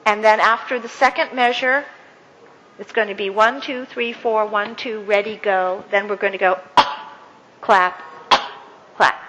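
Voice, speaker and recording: A woman's voice: on the high side, measured pace, pauses often, very noisy. Woman leading a workshop in an echoey hall. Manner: leads audience counting and clapping, warm praise, many fillers. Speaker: guest speaker. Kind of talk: interactive workshop talk. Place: event hall with audience. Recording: echoey hall with faint ambience.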